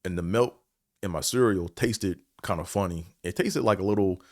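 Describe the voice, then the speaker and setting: A man's voice: deep voice, normal speed, darkish tone, no echo, clean studio sound. A man hosting a podcast, telling a story and reflecting in a rambling, casual way, with many fillers and casual swearing. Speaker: podcast host.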